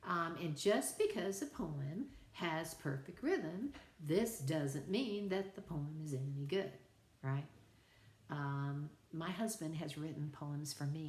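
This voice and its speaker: A woman's voice: low-pitched, expressive, slow, darkish tone, slight background noise. A middle-aged woman teaching a college writing class in a chatty, conversational lecture style with asides to her students. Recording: echoey room.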